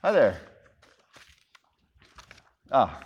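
A man's voice: lowish voice, huge pitch swings, extremely slow, husky, muffled recording. A man in his thirties, a pastor preaching a sermon in a conversational, self-deprecating storytelling way.

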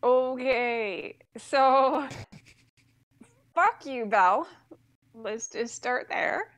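An exasperated woman rants through a comedic story, swearing freely and breaking into laughs mid-sentence. Her voice sits a little high, and the sound is close and dry with no room around it. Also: animated, extremely slow, a bit bright, no echo.

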